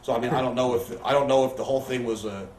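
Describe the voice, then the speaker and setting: Guy rattling off wild backstage stories quick, cussing a lot, sounds far from the mic in an echoey living room. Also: mid-range voice, steady tone, a little mellow. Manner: profane, rambling anecdotes with quoted voices. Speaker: interview guest. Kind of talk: candid storytelling. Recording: roomy, distant, faint background hiss.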